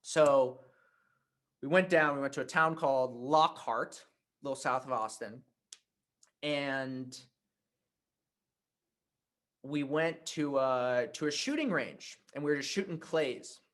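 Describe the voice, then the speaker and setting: A man teaching a writing workshop, telling a personal anecdote in a conversational, animated way. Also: medium pitch, slow pace, pauses often. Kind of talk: workshop talk with storytelling.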